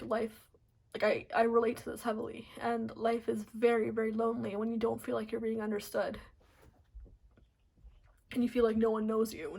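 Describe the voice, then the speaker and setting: A woman giving a casual pick-a-card tarot reading, soft and rambling with many fillers, teary and choked up. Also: fairly high pitch, creaky. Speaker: tarot reader.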